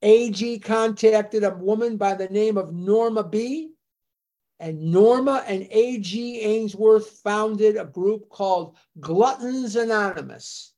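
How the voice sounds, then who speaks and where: An older speaker tells the founding story of a recovery fellowship at a very unhurried pace. Dates and names come out one careful phrase at a time. The voice sits at a middling pitch. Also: dark tone. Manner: slow, deliberate, recounting dates and names. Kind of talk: storytelling history talk.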